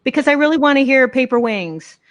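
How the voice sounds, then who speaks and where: A woman's voice: high-pitched, animated, brisk, a loud crowd. A woman teaching a voice master class over a video call, encouraging and sometimes sounding out phrases in French. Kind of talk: live-streamed master class coaching.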